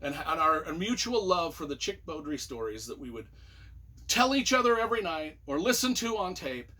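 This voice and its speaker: A man's voice: fairly high pitch, moderate pace. A man from Utah, a book reviewer casually telling a personal story in a rambling way. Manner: animated, rambling, with many fillers and asides.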